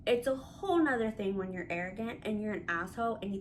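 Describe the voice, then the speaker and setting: A woman vlogger telling a story in a casual, animated and candid way, swearing freely. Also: mid-range voice, fast, slight background noise.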